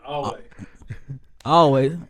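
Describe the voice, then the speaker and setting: A man's voice: steady tone, slow, noisy background. A man co-hosting a casual sports podcast, joking and playful. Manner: playful, swings wide in pitch. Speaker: podcast co-host.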